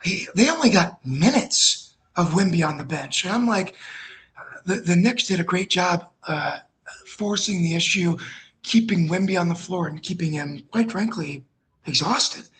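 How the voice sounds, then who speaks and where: A man's voice: high-pitched, animated, unhurried, fairly bright tone. Profane, fired-up man ranting about sports. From Minnesota. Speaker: podcast co-host. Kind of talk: casual sports talk rant. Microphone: phone.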